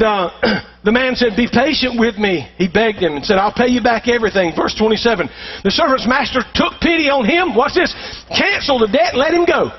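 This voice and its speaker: Man, pastor preaching, very high voice, husky, call-and-response, dull lo-fi church recording. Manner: call-and-response preaching, building to shouted passages. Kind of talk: sermon. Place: church sanctuary.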